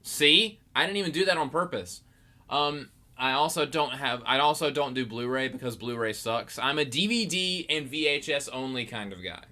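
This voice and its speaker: A man's voice: medium pitch, normal speed, bright, forceful tone. A young man hosting his own podcast, rambling and joking at himself, groggy from just waking up. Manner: rambling, jokey, self-mocking. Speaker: podcast host. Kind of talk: casual solo podcast chat.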